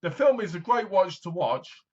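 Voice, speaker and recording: A man's voice: sits high, sing-song, normal speed, dull audio. A man giving a casual, rambling movie review, full of fillers. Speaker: film reviewer.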